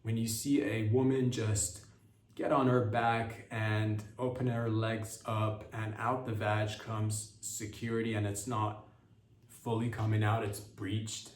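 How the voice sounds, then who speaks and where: A man's voice: fairly low pitch, flat delivery, measured pace, slight background noise. Brief: young male comedy host, meandering and sarcastic, in an echoey room away from the mic. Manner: rambling, trailing off, sarcastic. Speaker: podcast host. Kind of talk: comedic monologue. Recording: roomy sound, mic at a distance.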